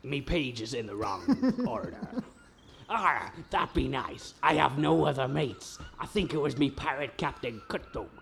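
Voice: medium pitch, animated, a little slow, vocal fry, fairly bright tone. A performer playing a growling old pirate captain in an amateur radio comedy. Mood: gruff.

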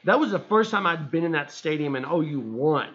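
A man co-hosting a casual sports podcast, telling stories animatedly and getting loud and high when excited. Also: fairly quick. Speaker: podcast co-host. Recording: muffled lo-fi sound.

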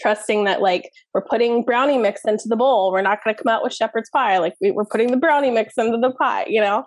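A woman in her thirties with a fairly high voice speaks as a parenting expert on a podcast. She tells her stories with animation and plenty of casual fillers, and her voice is close-miked and dry. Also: fast, dry recording. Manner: animated storytelling, many fillers.

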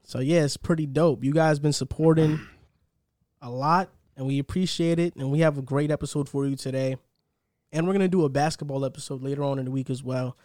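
A man's voice: on the high side, fairly even intonation, fairly quick, darkish tone, dry recording, studio quality. A young man hosting a casual sports podcast, chatty and upbeat, rambling a little as he talks. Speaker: podcast host.

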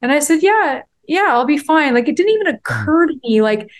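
A woman's voice: high-pitched, expressive, fast talker. A woman in her forties, a podcast guest, telling a personal story in a heartfelt, rambling way with many fillers. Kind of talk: candid interview storytelling.

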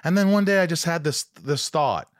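Brief: man, fairly high voice, podcast host, heartfelt and open, dry recording. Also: animated, normal speed, dry recording. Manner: sincere and moved, sharing a personal story. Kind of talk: candid conversation.

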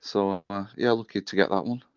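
A man's voice: on the low side, a little fast, smooth, no echo, lo-fi sound. A man with a northern English Wigan accent, a rugby league club chief chatting easily and matily as a guest on the radio from his office. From northern England. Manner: easygoing, matey banter. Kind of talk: casual radio chat on a call.

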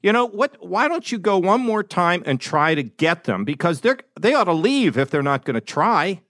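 A man's voice: sits high, very animated, normal speed, a bit bright, dry recording, studio quality. An older man from Pittsburgh, co-hosting a casual conversation in a teasing, emphatic way. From Pittsburgh, USA. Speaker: co-host.

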